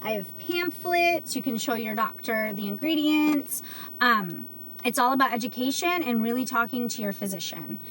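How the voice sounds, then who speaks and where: A woman's voice: fairly high pitch, moderate pace, a bit bright, slight background noise. A woman hosting a casual livestream, talking earnestly to viewers with lots of fillers. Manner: earnest, chatty, many fillers. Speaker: livestream host selling CBD.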